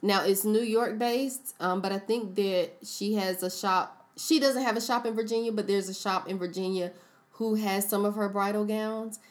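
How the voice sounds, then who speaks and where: A woman co-hosting a relaxed podcast. She chats casually, running through recommendations with a friendly, rambling flow and frequent "um"s. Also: mid-range voice, moderate pace. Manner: chatty, recommends businesses with frequent fillers. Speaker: podcast co-host. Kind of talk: casual chat.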